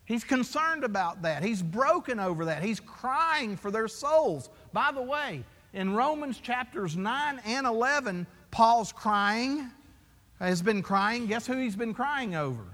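A man's voice: very high voice, expressive, a little slow, a bit bright. A man preaching a sermon as pastor, emphatic and full of rhetorical questions to his congregation. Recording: long hall reverb.

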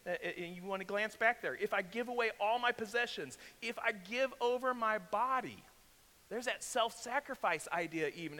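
A man preaching a sermon as pastor, talking in a conversational way, slowing down for emphasis and asking the congregation questions. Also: sits high, pushed and bright. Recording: echo from a large hall.

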